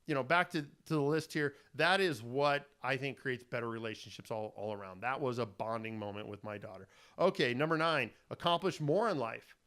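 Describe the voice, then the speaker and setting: A man's voice: mid-range voice, a bit bright, smooth. A middle-aged man hosting a self-help talk, speaking in an earnest, rambling, fatherly way. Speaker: host. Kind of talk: casual self-help monologue.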